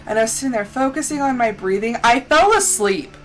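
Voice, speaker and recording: A young woman streaming a game, telling stories in a casual, animated way and acting out quotes. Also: a little fast, low-quality recording. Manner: animated storyteller, acts out quotes with big pitch jumps. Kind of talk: casual chat while gaming. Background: faint game music.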